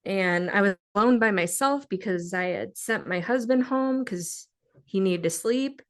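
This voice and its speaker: A young woman recounting something painful on a podcast. She talks in a halting, emotional way, stopping often with ums and uhs, at an average pitch for a woman. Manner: halting, emotional, many fillers. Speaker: guest sharing a personal story. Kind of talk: podcast interview.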